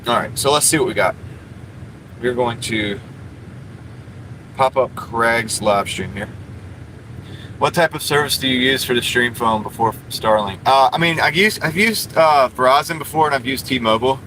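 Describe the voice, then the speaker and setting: A man's voice: mid-range voice, moderate pace, long pauses, noisy background. A man livestreaming from inside a parked car, chatting casually with his viewers and rambling with lots of fillers. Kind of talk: casual live stream chat reading comments.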